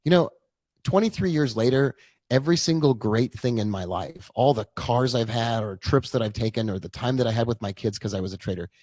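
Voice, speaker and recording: A man's voice: mid-range voice, darkish tone, dry recording. A man in his forties, a trading coach, telling his own story in a casual, chatty live-stream talk full of asides.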